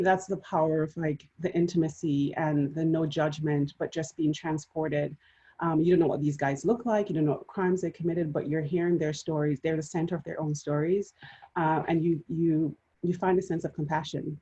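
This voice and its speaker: A woman's voice: low voice, warm tone, dull audio. A woman with a Jamaican accent, speaking earnestly and reflectively on a panel over a video call. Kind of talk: casual panel discussion.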